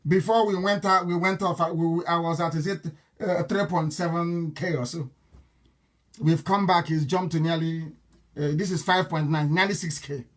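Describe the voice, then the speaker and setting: A man's voice: a little high, steady tone, moderate pace. A man giving a live online broadcast as a political speaker, combative, defiant and emphatic.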